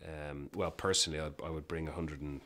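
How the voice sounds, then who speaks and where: A man with a very low voice speaks as a guest in a relaxed interview. He tells his stories emphatically and animatedly, often breaking off and restarting his sentences. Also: fairly quick. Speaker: business guest. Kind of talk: casual interview storytelling.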